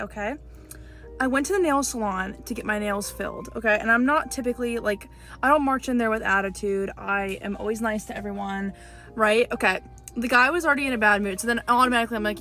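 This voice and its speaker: A woman telling a storytime clip to her viewers, indignant and animated. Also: medium pitch, brisk, faint music behind.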